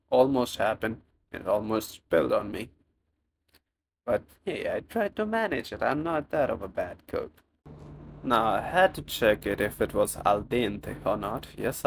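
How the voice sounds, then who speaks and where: A man's voice: lowish voice, creaky, a little hiss or hum. A man with a non-native English accent narrating his own cooking vlog in a chatty, self-mocking way. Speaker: cooking vlogger. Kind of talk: casual vlog voice-over.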